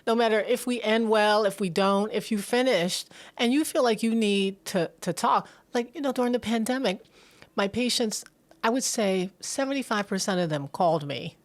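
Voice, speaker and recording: A middle-aged woman therapist co-hosting a casual podcast chat, animated, acting out quoted voices and often repeating words. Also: mid-range voice, normal speed.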